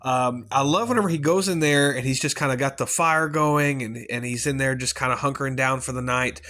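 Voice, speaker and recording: Male reviewer, mid-pitched voice, casual and rambling, swears freely. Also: fairly quick, sharp tone. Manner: rambling and chatty, with many fillers and casual swearing. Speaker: movie reviewer. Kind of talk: casual spoken movie review.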